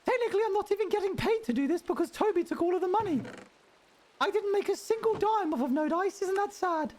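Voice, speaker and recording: A man streaming live, chatting casually with his viewers in a put-on high head voice, rambling and laughing as he plays. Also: expressive, fast, a little mellow, slight background noise. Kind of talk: casual live-stream chat while gaming.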